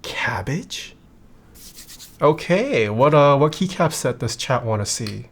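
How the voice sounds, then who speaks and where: In a laid-back livestream chat, a streamer reads out viewers' questions and answers them casually, often going quiet while typing. The voice is medium-pitched at a moderate pace.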